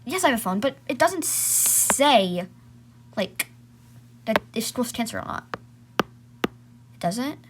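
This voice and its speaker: A woman's voice: fairly high pitch, sing-song, measured pace, pauses often. A woman telling a homemade role-play story, switching between voices of bickering siblings. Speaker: storyteller voicing all characters. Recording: loud background noise.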